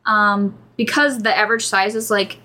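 A woman co-hosting a chatty folklore podcast, reading out legends and reacting with loud exclamations. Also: medium pitch, moderate pace. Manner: animated and exclamatory, reads folklore aloud. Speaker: podcast co-host. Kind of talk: casual chat.

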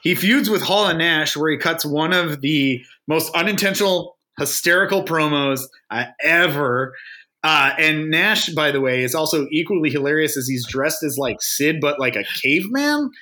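A young man chatting on a podcast, bright in tone and pitched a little high. He tells stories with a lively, animated delivery and acts out what others said. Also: normal speed. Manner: animated storyteller, quoting others in put-on voices. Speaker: podcast co-host. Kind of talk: casual chat.

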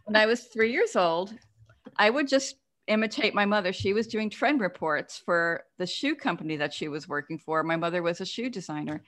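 A woman author being interviewed, telling stories in an animated way and often checking in with "okay?". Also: mid-range voice, normal speed. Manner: animated storyteller, often tags lines with "okay?". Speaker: guest author and cartoonist. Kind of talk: casual interview storytelling.

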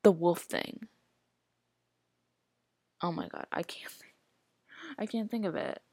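A woman's voice: lowish voice, slow pace, warm tone, husky, no room sound, in a whisper. A woman hosting a casual solo podcast, rambling and chatty, full of "like" and reacting aloud to what she scrolls through. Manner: rambling, chatty, heavy use of filler "like". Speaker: podcast host.

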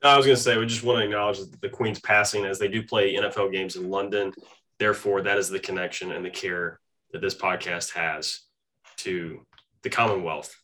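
Low-voiced man, easygoing podcast co-host. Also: fairly even intonation, fairly quick, sharp tone. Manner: easygoing, laughs often. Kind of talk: casual sports-betting podcast chat.

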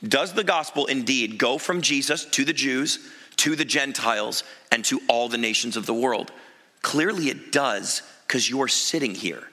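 A man preaching a sermon as pastor in a church, telling the story in an animated way with emphatic asides. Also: medium pitch, a little slow. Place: church sanctuary. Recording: long reverb of a large church hall.

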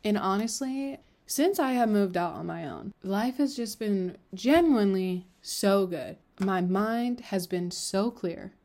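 A woman's voice: mid-range voice, takes it slowly, hardly any pauses, darkish tone. A young woman in her twenties speaks alone into her podcast mic, open and unguarded about her feelings. Her talk rambles, full of casual fillers and self-interruptions. At times she grows tearful. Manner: candid, emotional, rambling with fillers like "like" and "you know". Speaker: podcast host. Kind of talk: personal confessional monologue.

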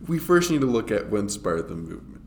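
A man's voice: fairly low pitch, big pitch swings, fast, darkish tone, slight background noise. A young man co-hosting a podcast, joking and laughing as he explains a topic in casual chat. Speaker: podcast co-host.

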